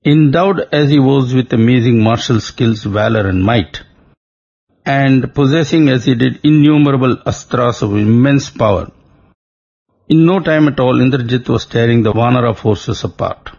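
A man narrating an epic story in a measured, formal scripted talk. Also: medium pitch, a little mellow, slightly rough. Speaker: narrator of a spiritual radio talk. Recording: dull lo-fi recording.

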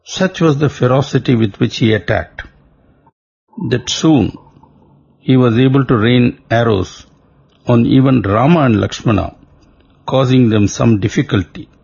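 A man narrating an epic story in a measured, formal scripted talk. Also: mid-range voice, vocal fry, a little mellow, husky. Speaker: narrator of a spiritual radio talk. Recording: dull lo-fi recording.

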